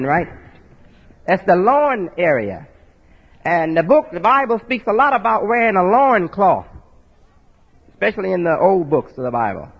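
The man's husky voice sits high as he preaches in a folksy sermon style. He spells out words and keeps checking in with listeners, dropping rhetorical asides that end in "right?". Long hall reverb fills the dull, lo-fi recording.

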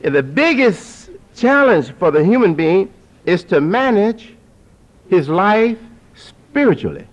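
A man preaching to an audience, who repeats phrases for emphasis and climbs to forceful peaks. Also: high voice, slow pace. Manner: lively, rising to forceful peaks. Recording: dull lo-fi recording.

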